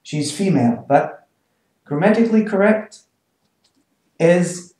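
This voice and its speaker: A man teaching German in a slow, patient way, repeating example sentences and chuckling now and then at the grammar. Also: high voice, expressive, warm tone, roomy sound. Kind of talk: language lesson explanation.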